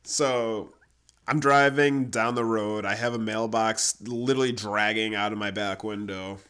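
A man's voice: lowish voice, a little slow, clear, resonant tone. A young man telling a funny personal story in casual chat, laughing often and acting out the people he quotes. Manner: animated, laughing, acts out quoted voices.

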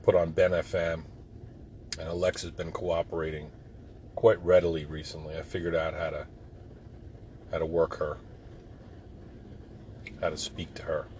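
A middle-aged man talking in a casual, rambling monologue, profane and given to sudden loud outbursts. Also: very deep voice, monotone, moderate pace, pauses often. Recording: loud road noise behind.

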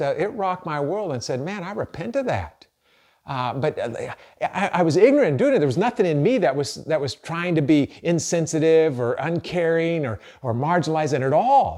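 A man's voice: a little high, a little mellow. Middle-aged pastor guy preaching, earnest, talks like he's chatting, lots of restarts. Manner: earnest and conversational, with frequent restarts. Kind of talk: sermon.

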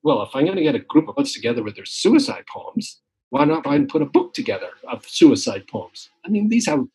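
A man's voice: fairly high pitch, huge pitch swings, fairly quick, gravelly, warm tone, husky, rough recording. A man in his sixties, a retired academic poet, telling his story in casual conversation with many fillers and restarts. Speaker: guest poet. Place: home, tree shredding outside.

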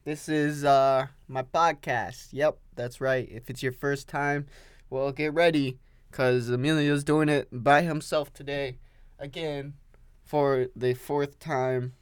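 A man's voice: mid-range voice, fairly even intonation, takes it slowly, clear, resonant tone, dry recording, clean studio sound. A young man hosting a solo podcast, rambling and swearing, repeating himself as he talks while standing with a coffee. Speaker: podcast host.

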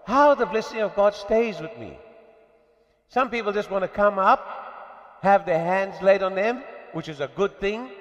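A male preacher delivers a sermon, his voice sitting a little high and surging into emphatic peaks before dropping low. The recording is muffled and carries the long reverb of a church hall. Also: unhurried, fairly bright tone. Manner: rising and falling with emphatic bursts.

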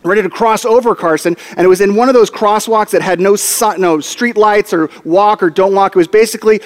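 High-voiced animated preacher in a hall. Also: male voice, a little fast. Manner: animated, comic storytelling with acted-out quotes. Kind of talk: storytelling sermon. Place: church hall. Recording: long hall reverb.

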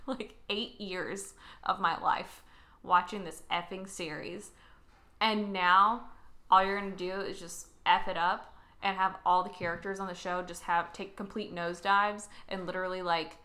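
A young woman with a bright, forceful voice co-hosts a casual podcast. She talks in an animated way, laughs easily and rants with real feeling. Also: lowish voice, measured pace. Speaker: podcast co-host. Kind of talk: casual chat.

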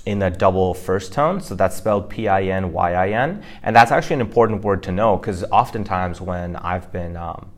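A man's voice: deep voice, normal speed, hardly any pauses. A man co-hosting a language-learning podcast, explaining Mandarin pronunciation casually with frequent fillers. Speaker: podcast co-host teaching Mandarin.

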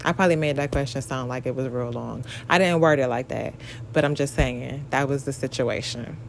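A woman's voice: very deep voice, fairly quick, vocal fry, a little hiss or hum. A woman in her twenties venting bluntly and profanely in an exasperated rant about a partner. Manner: mocks others in acted quotes.

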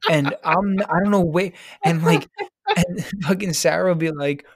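A man's voice: on the high side, moderate pace, no room sound, clean studio sound. A man co-hosting a podcast, bantering casually with lots of swearing. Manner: profane, laughing banter. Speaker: podcast co-host. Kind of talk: casual chat.

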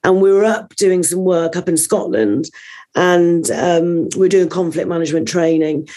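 A woman, a trainer guest on an interview show, telling a long story in a rambling, animated way with many fillers. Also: on the low side, moderate pace.

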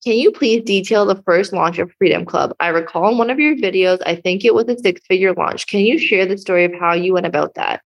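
A woman's voice: mid-range voice, brisk, creaky, hardly any pauses, muffled recording. A young woman hosting her own podcast, talking in a bubbly, effusive, casual way with lots of "like" as a business coach.

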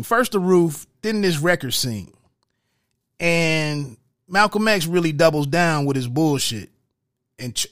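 A movie reviewer gives a loose, profane recap of a film, acting out its scenes with quoted dialogue. His voice is on the high side, recorded with clean studio sound and no echo.

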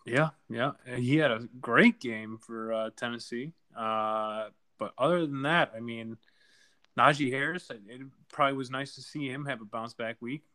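A man recaps the week's fantasy football matchups in loose, casual chat. His voice is bright and forceful, and his talk is blunt and full of cheerful trash talk. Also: medium pitch, moderate pace. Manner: blunt, trash-talking, laughs easily. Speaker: podcast co-host.

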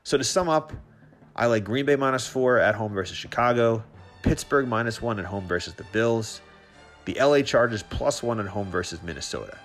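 A man's voice: medium pitch, normal speed, a bit bright, faint music behind. A man in his thirties hosting a casual sports podcast, rambling with many restarts and growing heated as he tells a story. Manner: rambling, frequent restarts and fillers, gets heated. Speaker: podcast host.

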